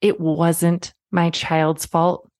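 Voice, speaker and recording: A woman in her thirties hosting a parenting podcast, talking straight to the listener in a warm, reassuring way, like a friend. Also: on the low side, flat delivery, very slow, no echo, clean studio sound. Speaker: podcast host. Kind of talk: podcast monologue.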